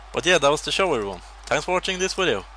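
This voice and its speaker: A young man giving casual, excitable commentary over a wrestling video game as he plays, swearing and laughing at his own slips. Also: fairly high pitch, fast, slight background noise. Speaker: gameplay commentator.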